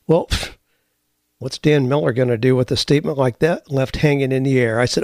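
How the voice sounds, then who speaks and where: A man's voice: medium pitch, moderate pace, dry recording. Folksy man telling stories, dry sound. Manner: folksy, animated storyteller. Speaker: podcast host. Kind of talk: casual storytelling.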